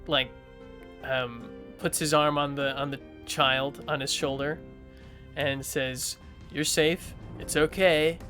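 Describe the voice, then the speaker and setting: An eager man plays his character in a tabletop game, his voice bright and forceful and a little high. He rambles and restarts a lot while faint music plays. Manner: eager, rambling with many likes. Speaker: player.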